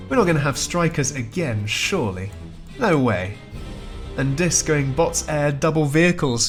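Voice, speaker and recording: A man's voice: on the high side, expressive, moderate pace. Man casting a strategy game, faint music. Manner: chatty, wry, chuckles often. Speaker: esports caster. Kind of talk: play-by-play game commentary.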